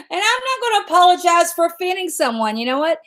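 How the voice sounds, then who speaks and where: A woman's voice: very high voice, a bit bright. A woman hosting a casual chat, talking in a chatty way with laughing asides. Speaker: host.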